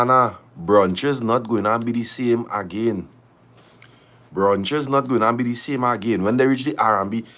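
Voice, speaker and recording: A man with a Trinidadian accent chatting casually on a live stream, lively and repeating his phrases as he urges viewers to press like. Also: mid-range voice.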